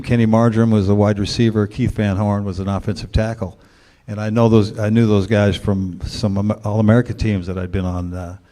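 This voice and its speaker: An older man spins a story with a dry, easygoing wit, his voice sitting on the low side. He talks to a club audience as guest speaker, slipping into the voices of the people he quotes. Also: darkish tone. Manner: laid-back, wry storyteller, drops into quoted voices. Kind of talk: storytelling speech at a luncheon club.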